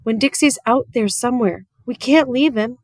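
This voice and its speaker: A woman's voice: a little high, normal speed, no room sound, clean studio sound, voice pushed up. A woman voicing a spirited, stubborn young girl who talks in a raised, emphatic way. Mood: pleading.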